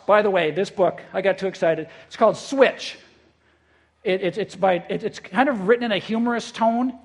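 A male pastor preaching a conversational sermon. He is lively and repeats words when he gets excited. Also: high-pitched. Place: church in eastern South Dakota.

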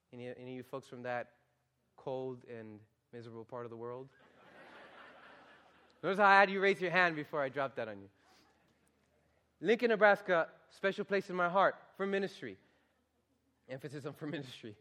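Young male preacher, high-pitched, animated sermon delivery with hushed storytelling. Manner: animated, shifts from loud exhortation to hushed storytelling.

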